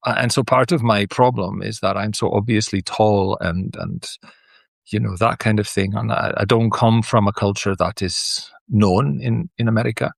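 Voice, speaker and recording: A man's voice: on the low side, fairly even intonation, moderate pace, creaky, dry recording. A middle-aged Scottish man, a teacher, thinking aloud in a rambling, reflective monologue with frequent restarts and asides. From Scotland. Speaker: teacher sharing personal reflections.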